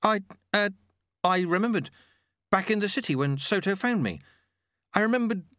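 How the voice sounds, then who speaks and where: A man's voice: high voice, expressive, moderate pace, fairly bright tone, dry recording, studio quality, pitched above the performer's own voice. A man voicing a young male thief turned novice monk, raising his voice into anxious questions. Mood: shaken.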